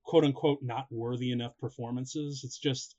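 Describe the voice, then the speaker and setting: A man chatting casually about a movie, excitable and quick to laugh. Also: medium pitch. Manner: laughs often, excitable asides. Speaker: co-host of a movie reaction. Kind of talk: casual chat. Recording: slightly dull lo-fi sound.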